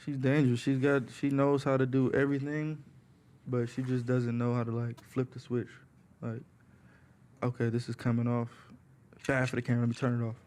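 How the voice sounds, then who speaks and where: Guy on a podcast calmly explaining himself, repeats stuff a lot. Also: medium pitch, fairly quick, slight background noise. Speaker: podcast guest. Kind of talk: casual chat.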